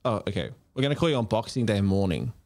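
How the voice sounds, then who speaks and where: A man's voice: fairly low pitch, sing-song, quick pace, a little mellow, no echo. A man chatting casually on a podcast, giving short, easygoing replies. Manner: easygoing, short replies, plugs his own show. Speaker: podcast co-host.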